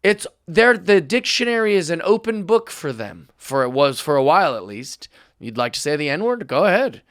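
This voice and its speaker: Excitable man on a sarcastic comedy rant. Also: on the high side, moderate pace, no echo, studio quality. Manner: animated, sarcastic, builds to loud mock outrage. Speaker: podcast host.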